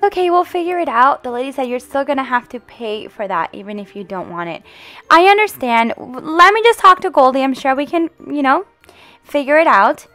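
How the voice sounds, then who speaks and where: Brief: woman game roleplayer, sky-high voice, animated and coaxing as a mom. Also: fairly quick, no echo, soft background music. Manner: animated and playful, motherly coaxing. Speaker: host and roleplayer playing the mom. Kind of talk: casual game roleplay chat.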